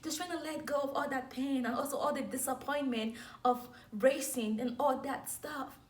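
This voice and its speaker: Speaking at a moderate pace with fairly even intonation, a young woman with a high voice shares her faith story openly and with feeling. Little laughs break in between words, making it a heartfelt, candid personal testimony.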